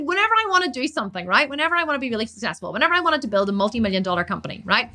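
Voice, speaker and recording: This woman's voice is on the high side as she, a bodybuilder and fitness coach, handles questions on an easygoing live stream. She speaks at a rapid clip with lots of energy and emphasis, often repeating words.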